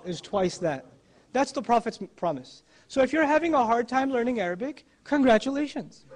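A man with a notably high-pitched voice delivers a religious talk. He speaks with emphasis and drives his points home by repeating key phrases. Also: sing-song, a little fast. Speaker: Islamic speaker.

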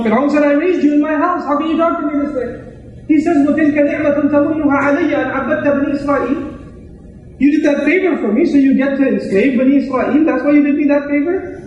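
A male preacher with a very high voice, talking quickly and conversationally, full of rhetorical questions. His sermon rings through a very echoey room, caught from some distance with faint ambient noise. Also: darkish tone.

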